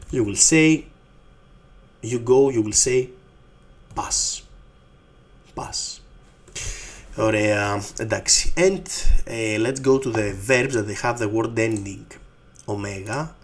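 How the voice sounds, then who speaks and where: Male language teacher, Greek accent, husky low voice, patient and repetitive delivery. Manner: slow, patient, repeats each word. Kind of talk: online language lesson.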